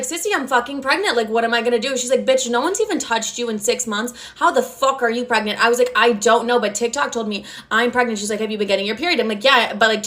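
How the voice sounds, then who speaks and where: A woman's voice: a little high, a bit bright. A young woman in her twenties telling a casual storytime vlog, brash and profane, filling her talk with "like". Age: 20s. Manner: brash, profane, chatty with lots of "like". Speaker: storytime creator.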